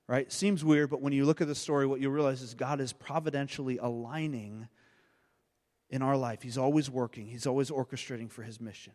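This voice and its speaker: A man's voice: medium pitch, steady tone, brisk, a little mellow, in a large hall. A man preaching a sermon, retelling a story and often repeating his words as he goes. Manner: storytelling with frequent word repeats. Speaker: pastor.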